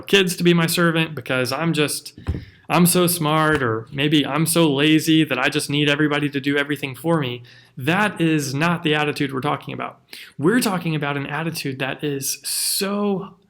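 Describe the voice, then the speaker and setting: A man's voice: on the high side, creaky. A man, a pastor, giving an earnest, conversational devotional teaching with rhetorical questions.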